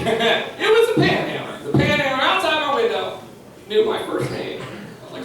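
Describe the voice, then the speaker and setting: A young man telling crude, animated stories in a stand-up set at a comedy club. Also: high-pitched, brisk, far from the mic. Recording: echoey club from afar, loud audience.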